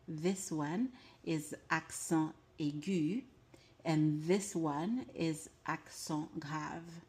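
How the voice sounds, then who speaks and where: A woman's voice: sits low, darkish tone. A woman with a French accent, a teacher patiently explaining step by step in a casual language lesson. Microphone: glasses-mounted camera for desk part.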